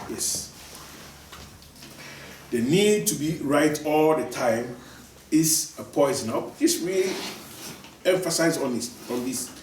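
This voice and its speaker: A male preacher delivers a sermon in a fairly high, darkish voice, repeating key lines for emphasis and frequently restarting sentences. The room is echoey, he sounds far from the mic, and a slight hiss or hum is present.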